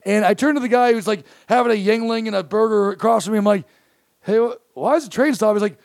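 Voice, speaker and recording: A man with a very high, gravelly voice tells a profane, animated story in casual chat and acts out the quotes with gusto. He sounds close and dry, with no room around him. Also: fast talker, no echo. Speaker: comedian guest.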